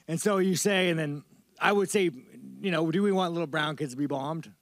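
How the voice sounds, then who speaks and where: A man with a fairly high voice rambles through interview answers with loose, profane bro talk, peppering it with dude and man. The sound is close and dry, with no room around it. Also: fairly quick, a bit bright, no room sound. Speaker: fighter at a media interview. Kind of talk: casual media-day interview.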